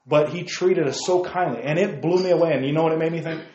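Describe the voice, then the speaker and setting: A man's voice: a little high, fast talker, darkish tone, echoey room, lo-fi sound. A man preaching a sermon as pastor, talking in a conversational way and asking the congregation questions.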